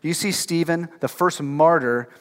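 A man's voice: fairly high pitch, unhurried. A man preaching a sermon in a church, casual and conversational, with lots of filler words and emphatic rhetorical questions to the congregation. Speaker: pastor. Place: church sanctuary. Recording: long hall reverb.

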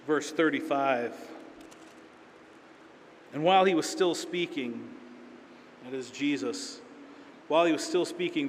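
A pastor preaching a sermon in a relaxed, storytelling way, acting out quoted lines in everyday speech. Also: male voice, mid-range voice, slight background noise. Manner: conversational storytelling with acted-out quotes. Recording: reverberant hall, faint ambience.

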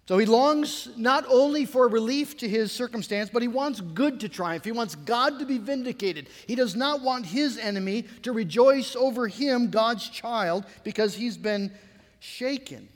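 A man preaching a sermon in an earnest, measured way, reading scripture aloud with dramatic weight. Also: extremely high pitch, in a large hall. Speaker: pastor.

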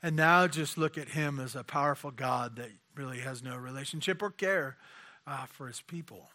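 A man's voice: medium pitch, normal speed, sharp tone. A man preaching a conversational sermon, asking rhetorical questions and often repeating his words.

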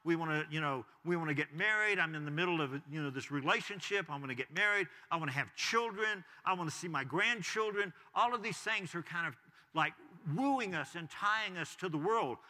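A man's voice: on the high side, animated, a little fast, sharp tone, long reverb tail. A man preaching a sermon as pastor, talking conversationally with frequent asides to the congregation.

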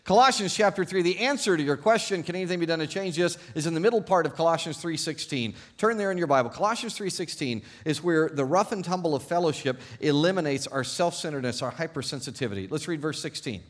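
A male pastor delivers a sermon to his congregation, his voice sitting a little higher than most men's. His storytelling is animated and self-deprecating, shifting between loud, ironic emphasis and quiet confession. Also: fast, hardly any pauses. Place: church service before a congregation.

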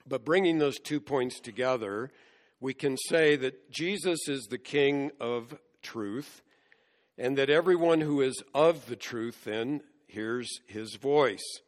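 A man preaching an expository sermon, explaining scripture verse by verse in a measured way. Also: mid-range voice. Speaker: pastor. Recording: long hall reverb.

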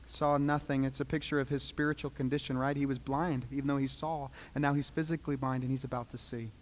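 A man preaching a sermon, dramatic, swinging from loud pleading to hushed quiet. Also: mid-range voice, flat delivery, fast talker, slight background noise. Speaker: pastor. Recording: long reverb of a large hall.

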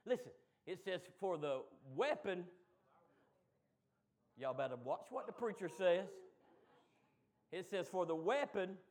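A man preaching a sermon, moving from quick low asides to loud, shouted call-and-response. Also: animated.

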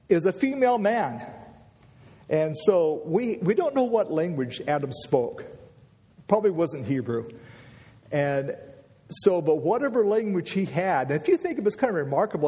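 Male preacher, conversational sermon, mellow voice, long church reverb. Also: sits high. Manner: conversational, storytelling, acts out scenes.

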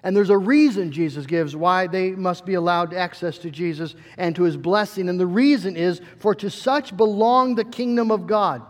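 A man's voice: high voice, moderate pace, hardly any pauses, in a large hall. A pastor delivering an earnest, emphatic sermon, often repeating words as he builds a point.

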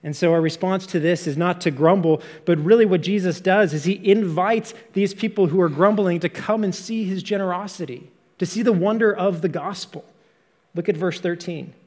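A man's voice: high voice, moderate pace, darkish tone. Earnest man preaching in a reverberant hall. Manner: earnest, explanatory preaching with rhetorical questions. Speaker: pastor. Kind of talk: sermon.

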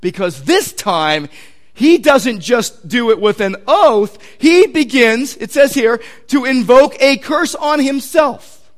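Animated high-voiced Southern California pastor. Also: male voice, slow. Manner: animated, acts out quotes with sudden loud outbursts; conversational, repeats words while searching for them. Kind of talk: sermon.

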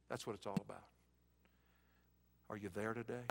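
A man preaching a sermon in an auditorium, swinging from hushed, soft passages to loud, emphatic bursts. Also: on the low side, fairly even intonation, moderate pace, gravelly, long reverb tail, heavy background noise.

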